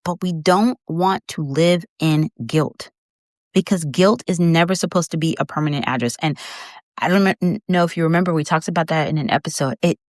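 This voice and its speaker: A woman's voice: low-pitched, normal speed, no echo, studio quality. A middle-aged woman hosting a faith-based podcast, talking heartfelt and conversational to her listener, holding back tears. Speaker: podcast host.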